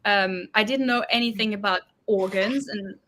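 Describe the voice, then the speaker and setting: A woman's voice: medium pitch, moderate pace, fairly bright tone. A young adult woman, a podcast guest, talking casually with many fillers and frequent laughs.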